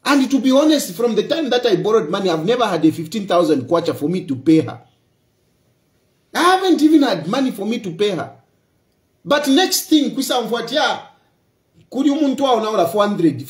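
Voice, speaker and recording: A man's voice: high-pitched, roomy sound. A Zambian man speaking in a passionate political monologue, emphatic and repetitive, switching between English and local phrases. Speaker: opposition politician.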